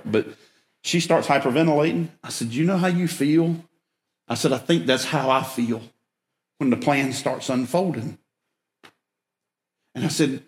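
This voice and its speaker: A man preaching through a folksy, self-mocking story, with emphatic bursts. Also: mid-range voice. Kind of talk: storytelling sermon. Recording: echoey room.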